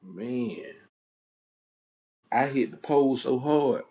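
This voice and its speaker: A man's voice: mid-range voice, slow, gravelly. A young man, host of a podcast, telling a childhood story in casual chat and acting out the voices of the people in it. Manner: animated storyteller, acts out quoted voices, laughs at himself.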